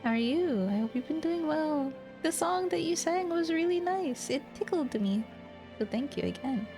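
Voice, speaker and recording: A friendly woman streamer talks casually to her chat between game lines, thanking viewers and laughing lightly. Her voice sits at a middling pitch and comes through a close desk mic. Quiet game music plays underneath. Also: expressive, normal speed.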